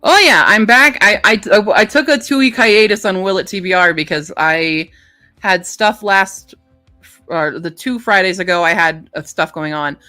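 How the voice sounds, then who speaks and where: A woman's voice: lowish voice, normal speed, bright, forceful tone, no room sound, faint music behind. A woman hosting a casual livestream, chatting and reading book blurbs aloud. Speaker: book streamer.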